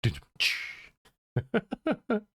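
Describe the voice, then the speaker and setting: A man's voice: drawn-out words, pushed and bright, slight background noise. A male streamer chatting casually with his viewers, muttering to himself as he tinkers and answering chat messages.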